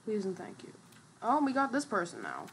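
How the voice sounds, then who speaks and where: A woman's voice: mid-range voice, wildly swooping pitch, moderate pace, a little hiss or hum. A woman giving casual gameplay commentary as a streamer, chatty and trash-talking, with lots of fillers. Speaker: gaming streamer.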